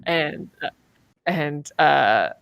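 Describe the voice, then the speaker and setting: A woman's voice: low-pitched, expressive, very slow, gravelly, fairly bright tone, clean tone, no echo. A woman narrating a tabletop game as game master, casual and hesitant with many fillers.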